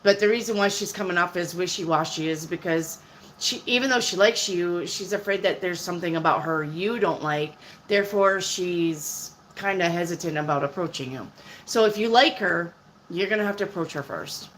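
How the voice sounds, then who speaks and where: A woman in her fifties with a fairly low voice, reading tarot live for her viewers. She talks bluntly and chattily, answering one question from chat after another. Faint noise sits under her voice. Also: normal speed, fairly bright tone, poor audio. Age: 50s. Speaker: tarot reader.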